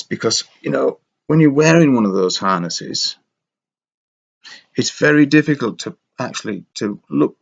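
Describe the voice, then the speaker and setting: Slow gravelly man rambling wryly. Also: mid-range voice, lively intonation. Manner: wry, meandering, self-mocking. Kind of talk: rambling casual monologue. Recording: dull lo-fi sound.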